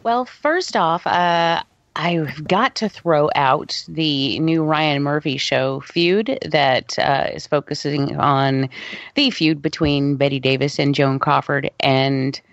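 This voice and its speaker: A woman's voice: deep voice, slow pace, dry recording. A woman chatting casually as a podcast co-host, enthusiastic with many hesitant fillers. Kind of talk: casual chat. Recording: dry, muffled lo-fi audio.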